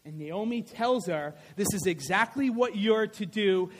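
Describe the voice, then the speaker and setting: A man's voice: high-pitched, measured pace. A man preaching a sermon, telling stories with energy and acting out scenes. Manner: animated storytelling, acts out scenes.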